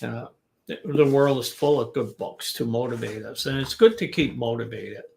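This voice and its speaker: A man teaching business English in a relaxed live-stream lesson, giving advice in a conversational way. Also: mid-range voice, moderate pace, vocal fry.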